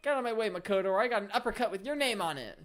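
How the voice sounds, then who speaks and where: A woman's voice: mid-range voice, animated, racing, soft background music, voice pushed up, close to an everyday voice. A woman reading out the lines of a bubbly, donut-obsessed athletic teen girl in a video game, with gushing energy. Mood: excited. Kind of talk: reading game dialogue aloud.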